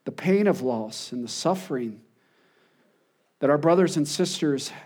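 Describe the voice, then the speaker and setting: Male pastor, high-pitched, earnest sermon delivery, repeats lines and goes quiet to land a point. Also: animated, a little slow. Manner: earnest, repeats words, drops soft for emphasis.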